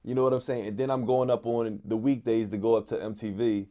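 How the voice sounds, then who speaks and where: A man's voice: mid-range voice, level tone, quick pace, mellow. A man from West Philadelphia with a Philadelphia accent, telling stories in a casual interview as a guest, laid-back and full of "like" fillers. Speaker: guest, artist and DJ.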